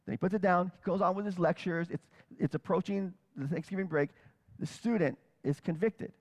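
Guy with a high voice preaching, telling stories and acting out the people in them, long echo like a big hall. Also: brisk. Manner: animated retelling that acts out quoted speakers. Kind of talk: storytelling sermon.

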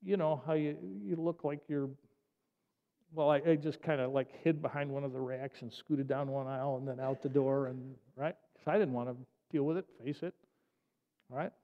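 A man's voice: mid-range voice, steady tone, normal speed. A male pastor preaching a sermon in a conversational, storytelling way, with many restarts and asides. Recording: dull sound, long reverb.

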